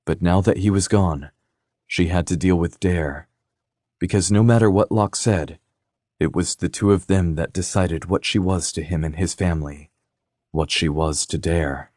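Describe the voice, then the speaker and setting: This scripted audiobook narration comes from a man with a low-pitched voice, telling the story in a measured, even way. The studio sound is clean, with no room sound.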